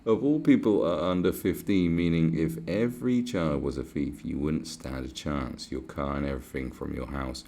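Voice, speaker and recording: Very deep gravelly British man, sarcastic. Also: normal speed, hardly any pauses, warm tone. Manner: mocking, profane, sarcastic. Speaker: commentary vlogger. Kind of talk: sarcastic rant replying to comments.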